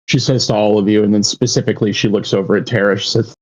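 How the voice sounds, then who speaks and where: A man's voice: lowish voice, steady tone, quick pace, few pauses, darkish tone, dull audio. A man running a tabletop game as game master, narrating with many halts and restarts.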